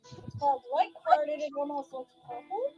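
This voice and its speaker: A woman chatting casually while doing makeup on a live stream, unhurried and friendly. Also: high-pitched, lively intonation, mellow, muffled recording, faint music behind. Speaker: makeup artist and seller.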